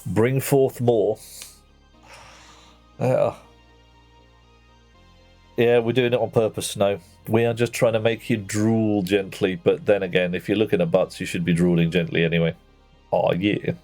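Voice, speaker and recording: A man's voice: fairly low pitch, level tone, moderate pace, a little mellow, soft background music. A man chatting playfully with viewers while playing a game on a livestream, greeting them by name. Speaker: streamer. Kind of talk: casual livestream chat while gaming.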